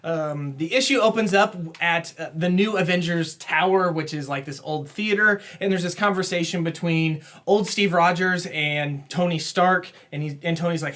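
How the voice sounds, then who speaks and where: A man co-hosting a comic book podcast, casually recapping plots and quoting characters in quick put-on voices, laughing often. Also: fairly high pitch, fairly bright tone. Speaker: podcast co-host. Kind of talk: casual comic review chat.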